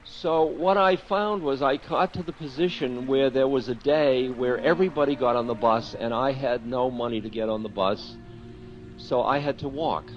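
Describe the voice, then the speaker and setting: A man's voice: medium pitch, normal speed. A man gives a spiritual talk, telling a candid story at his own expense and breaking into chuckles. His voice sits in a middle range for a man. The recording is dull and lo-fi, with faint music underneath. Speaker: spiritual teacher.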